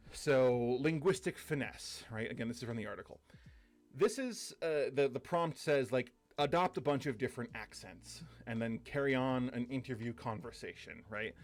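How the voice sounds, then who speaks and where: A man teaching a short course, talking loosely through slides with many fillers and quick asides. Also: mid-range voice, a little mellow. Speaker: course instructor. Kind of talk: casual lecture over slides.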